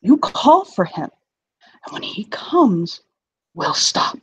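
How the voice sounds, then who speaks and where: A woman voicing a cruel male captor, husky and menacing. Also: lively intonation, a little mellow. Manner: menacing, low and slow, dropping to a whisper. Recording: dull lo-fi mic.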